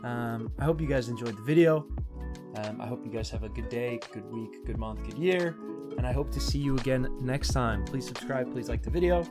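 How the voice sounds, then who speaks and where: A man's voice: medium pitch, fairly quick, over loud music. A young man doing reaction commentary, sarcastic and incredulous, laughing often between remarks. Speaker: YouTube commentator.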